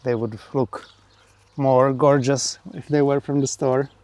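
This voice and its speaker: A man co-hosting a homesteading vlog, chatting casually outdoors in a garden with dry, deadpan humor. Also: medium pitch, unhurried. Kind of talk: casual chat.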